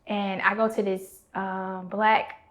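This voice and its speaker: Woman in her 30s, podcast host telling her story, animated, does the voices of people she quotes. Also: mid-range voice, takes it slowly. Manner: animated, acts out quoted dialogue. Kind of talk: candid conversational storytelling.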